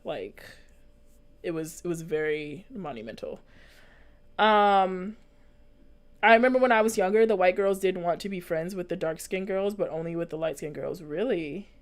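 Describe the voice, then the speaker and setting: A woman's voice: lowish voice, normal speed. A young woman talking casually and earnestly to her viewers as a vlogger, rambling with lots of fillers and restarts. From United States. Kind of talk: casual chat, reading and answering live comments.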